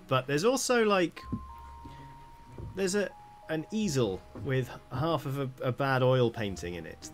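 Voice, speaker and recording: A man with a lowish voice narrates a tabletop game as dungeon master, describing scenes loosely in a rambling, filler-heavy way. A slight hiss or hum is audible.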